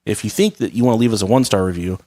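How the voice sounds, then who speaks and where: Low-voiced joking podcast host man. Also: rapid-fire, warm tone. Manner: joking, irreverent, reads articles aloud with asides. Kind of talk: casual crude comedy chat.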